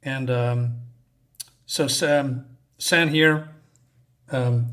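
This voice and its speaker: A comic reviewer with a voice on the high side speaks at a measured pace while casually recapping a comic book's plot. He rambles and hesitates, often losing his thread, with many fillers and restarts.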